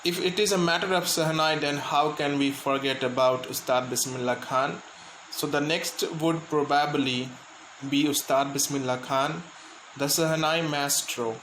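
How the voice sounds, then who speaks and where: A male Indian teacher talks through a class lesson at a very unhurried pace, pausing to define words and repeat points. His voice sits a little high for a man. He is recorded in an echoey room with a faint hum of ambience behind him. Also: steady tone, a bit bright. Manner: slow, explanatory, repeats and glosses words. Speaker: school teacher. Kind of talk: English lesson for students.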